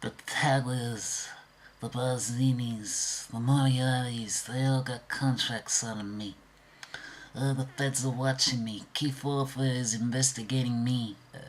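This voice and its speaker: A man voicing a scheming, paranoid small-time villain in a hushed, conspiratorial way. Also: medium pitch, fairly even intonation, measured pace, slight background noise, pitched above the performer's own voice, lightly acted, rough recording.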